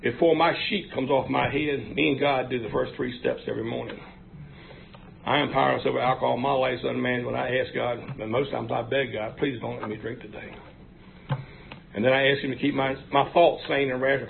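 Gravelly man telling his story. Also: mid-range voice, fast talker. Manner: frank, folksy storytelling with many fillers. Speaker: speaker sharing at a recovery meeting. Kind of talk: personal recovery testimony. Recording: tinny phone-like recording, faint hiss.

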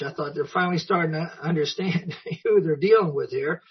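Husky-voiced man telling his story. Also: a little high, fairly quick. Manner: folksy, self-mocking storyteller who chuckles often. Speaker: recovery meeting speaker. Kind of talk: personal story told to an audience. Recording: dull lo-fi recording.

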